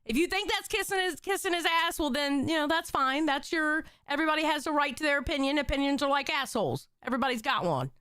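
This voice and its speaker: Blunt, profane woman co-host with a high voice, in a dry, close-mic'd room. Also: fast, few pauses, pushed and bright, no echo. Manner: blunt, profane, emotional pleading. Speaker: stream co-host. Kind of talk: casual live-stream chat.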